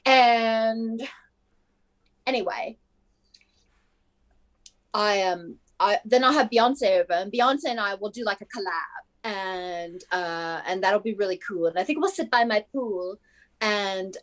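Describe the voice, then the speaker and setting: A woman's voice: mid-range voice, takes it slowly. A woman improvising a rambling comic monologue as a pop star, full of fillers and trailing thoughts. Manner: rambling, filler-heavy, put-on celebrity voice. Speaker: improv performer.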